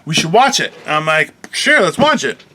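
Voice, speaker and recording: A young man co-hosts a comedy podcast with a high, bright voice that swings wildly in pitch. He swears freely and keeps bursting into loud mock rants. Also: moderate pace. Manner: animated, swearing, breaks into loud mock outbursts. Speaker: co-host. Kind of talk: casual comedic podcast banter.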